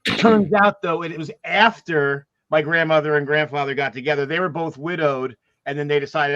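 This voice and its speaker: A man's voice: on the high side, moderate pace, fairly bright tone, no room sound, highs cut off. A man with a New York-New Jersey accent, chatting casually as a podcast co-host and telling stories with lots of restarts. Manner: storytelling, laughing, restarts. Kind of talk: casual chat.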